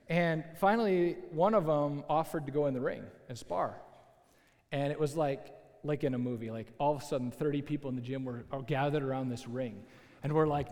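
Animated storytelling pastor in a hall. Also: male voice, a little high, brisk. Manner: animated, conversational storytelling with asides. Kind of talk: storytelling sermon. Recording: long hall reverb.

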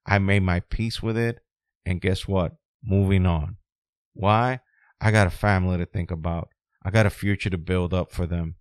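A man hosting a solo podcast, ranting bluntly with heavy swearing, dropping low and quiet, then rising loud and high. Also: clear, resonant tone, dry recording. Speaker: podcast host.

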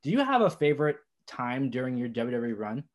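A man's voice: mid-range voice, sing-song, a little fast. Young man asking rambling interview questions. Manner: rambling, hesitant questions with many fillers. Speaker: podcast host.

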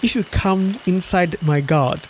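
A man voicing a clever male spider trickster in a storybook read-aloud, sounding smooth and persuasive. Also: high-pitched, lively intonation, a little slow, darkish tone, slight background noise, pitched above the performer's own voice. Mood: sly.

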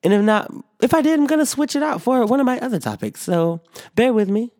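Very high-pitched yet a little mellow, his voice has lively intonation and a fairly quick pace. He hosts a solo podcast, rambling and cursing with frequent fillers and restarts while sleepy, yawning, and slightly sick; the studio sound is clean with no room tone.

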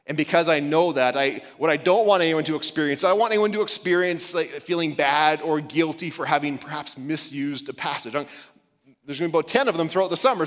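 A man with a fairly high voice preaches to his congregation in an easy, conversational way, joking now and then and restarting his sentences. His words ring out with the long reverb of a large church hall. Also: a bit bright. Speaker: pastor. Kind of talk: sermon. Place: church sanctuary.

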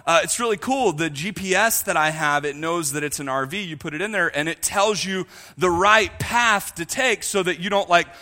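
A man's voice: sits high, moderate pace, long reverb tail. A man preaching a sermon, joking with his congregation and talking to them directly. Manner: jokey, animated, talks to the congregation. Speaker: pastor.

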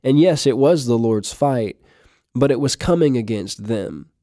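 Man, podcast preacher, warm mellow tone, halting delivery with fillers, dry recording. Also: mid-range voice, expressive, no room sound. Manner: halting, many fillers and restarts, reads scripture aloud. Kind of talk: devotional podcast talk.

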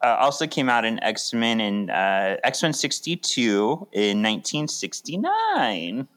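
A man's voice: mid-range voice, takes it slowly. A man co-hosting a casual podcast, chatting and laughing often. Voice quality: laughs often, animated delivery. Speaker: podcast co-host.

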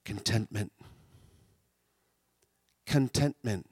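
A man preaching a sermon, animated, swinging from loud shouts down to quiet, intimate tones. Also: on the low side, drawn-out words, husky, dry recording.

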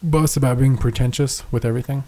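A man's voice: mid-range voice, fairly even intonation, fast talker, dark tone. A young man co-hosting a podcast in casual chat, rambling, swearing and laughing often. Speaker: podcast co-host.

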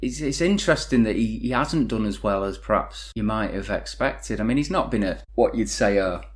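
A man co-hosting a casual chat, measured and reflective, laughing easily. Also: on the low side, expressive. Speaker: podcast co-host.

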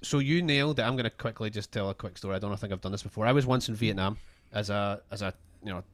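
A man's voice: on the low side, fast. A man co-hosting a podcast, telling a rambling, self-deprecating travel story in casual chat. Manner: chatty, self-deprecating, restarts. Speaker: podcast co-host.

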